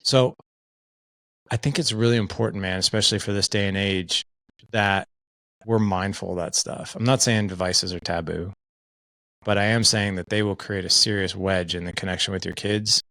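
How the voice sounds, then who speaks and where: A middle-aged man, a podcast guest, telling stories in an earnest, animated way with plenty of filler words. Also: deep voice, moderate pace, dry recording. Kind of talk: casual conversation.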